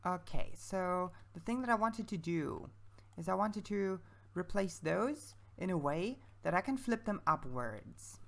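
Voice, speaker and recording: A let's-play creator with a lowish, gravelly voice talks through her gameplay, thinking aloud as she goes. Her commentary is casual and self-mocking.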